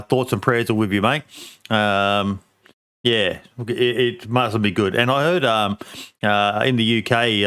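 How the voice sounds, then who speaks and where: A man's voice: fairly low pitch, a bit bright, clear, resonant tone. A middle-aged man hosting a podcast in casual chat, swearing freely and laughing often. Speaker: podcast host.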